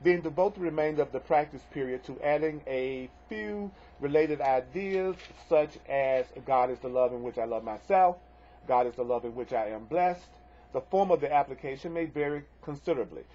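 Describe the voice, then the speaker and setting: A man with a husky, breathy voice leads a spiritual lesson, reading out affirmations and repeating them over and over. He speaks earnestly and breaks in with folksy asides. The sound is dull and lo-fi, like an old home video. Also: fairly high pitch, moderate pace, mellow. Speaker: spiritual teacher.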